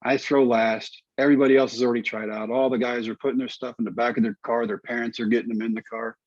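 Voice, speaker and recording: A middle-aged man from Texas tells a long personal story, slipping into the voices of the people he quotes. His voice is a bit husky at a middle pitch. The recording is dry and somewhat dull. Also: fast talker, dry recording. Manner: animated storyteller acting out dialogue. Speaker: guest storyteller. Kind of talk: storytelling in conversation.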